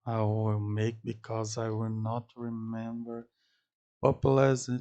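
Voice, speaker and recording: A man speaking English as a second language, halting and searching for words, repeating words to practice saying them as he reacts to an anime. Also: fairly low pitch, monotone, mellow, lo-fi sound. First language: not English. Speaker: anime reaction channel host. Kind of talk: casual theory-crafting reaction.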